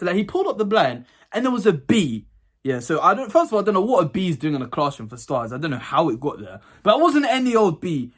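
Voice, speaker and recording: Animated young man telling stories. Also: high-pitched. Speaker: vlogger. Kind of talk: casual storytelling to camera.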